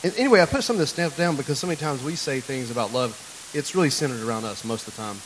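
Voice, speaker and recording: A man's voice: medium pitch, lively intonation, rapid-fire, a little hiss or hum, rough recording. A man preaching a sermon as pastor, telling family stories in a loose, joking, conversational way and talking directly to the congregation. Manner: chatty, joking storyteller who talks to the congregation. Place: church.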